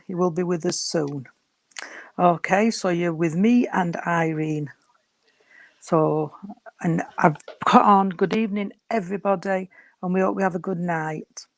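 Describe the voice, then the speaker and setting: A woman's voice: lowish voice, fairly even intonation, unhurried, no echo. A woman hosting an evening service. She opens it in a chatty, friendly way and calls people love. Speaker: service host. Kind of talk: casual chat.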